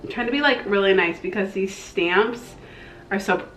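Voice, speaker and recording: A young woman with a twang, gushing excitedly as she reviews a makeup palette in a casual vlog. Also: mid-range voice, moderate pace, reverberant, poor audio. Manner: gushing, excitable, slangy, with breathy exclamations. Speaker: beauty vlogger.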